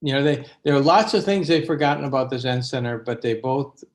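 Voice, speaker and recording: A man's voice: medium pitch, steady tone, a little fast. A man in his sixties, an abbot and Zen teacher, telling stories unhurriedly in an interview, with frequent fillers. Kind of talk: interview reminiscence.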